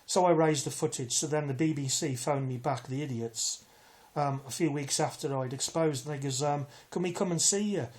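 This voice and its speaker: A man's voice: medium pitch, fairly even intonation, moderate pace, darkish tone. A man, telling an aggrieved personal story in a rambling way, full of restarts and asides. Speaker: vlogger. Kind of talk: casual storytelling to camera.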